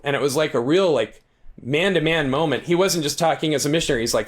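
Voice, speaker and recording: A man being interviewed as a guest author, telling a long story in a casual, animated way with many asides and restarts. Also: quick pace. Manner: animated, acts out quoted lines with shifting pitch; talkative, frequent restarts and asides.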